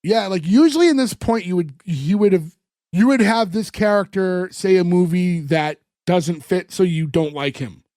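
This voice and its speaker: In a casual podcast chat, this male co-host walks through an episode's scenes, voicing the characters' lines and leaning heavily on "like." He sits high in pitch and keeps a moderate pace. The sound is studio quality with no echo.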